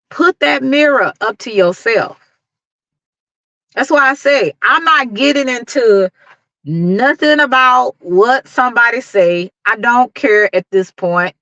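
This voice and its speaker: A middle-aged YouTube livestream host with a Dallas, Texas accent delivers an emphatic, preachy motivational talk to her viewers, laughing often. Her voice is on the high side and a bit bright, in lo-fi sound with no echo.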